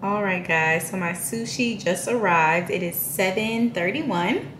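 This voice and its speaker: A woman's voice: medium pitch, expressive, a little slow, roomy sound, heavy background noise. A young woman chatting casually to camera in a home vlog, playful and full of slang. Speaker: vlogger. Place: at home, indoors.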